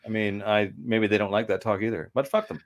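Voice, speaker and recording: A man's voice: on the low side, steady tone, fairly quick. A man chatting casually on a livestream, telling rambling, profane stories and reading out chat messages. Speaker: livestream co-host. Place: lived in Vancouver.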